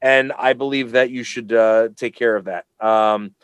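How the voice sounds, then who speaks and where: A man in the middle of his range co-hosts a casual advice chat, pushing his points hard and getting animated when he makes them. His voice sits close and dry on the mic, with no room sound around it. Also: mid-range voice, measured pace, smooth, dry recording. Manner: animated, emphatic, swears freely. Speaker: podcast co-host.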